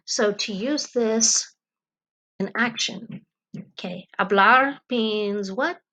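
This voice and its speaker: Slow, patient woman teaching grammar. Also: fairly high pitch, sharp tone, low-quality recording. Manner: slow, patient explaining with fillers. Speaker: Spanish teacher. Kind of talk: narrated grammar lesson. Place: home.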